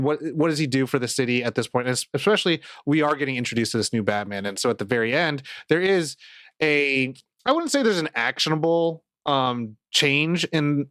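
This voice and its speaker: Podcast dude riffing, swears a lot, acts out lines, dry close mic. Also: male voice, mid-range voice, smooth, no room sound. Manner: animated, swears freely, acts out quotes. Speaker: podcast co-host. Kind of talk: casual podcast chat.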